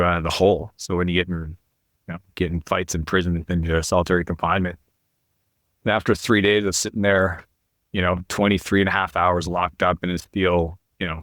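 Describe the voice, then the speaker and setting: A middle-aged man with a very low, deep voice tells his story in an interview, earnest and confessional. The recording is dry and close, with no room sound. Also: fairly bright tone, no room sound. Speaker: podcast guest, entrepreneur.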